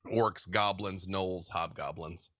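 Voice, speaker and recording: Animated man with a bright, dry voice. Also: sits low, takes it slowly, dry recording. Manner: animated storyteller, laughs often. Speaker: guest game master. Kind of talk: casual interview chat.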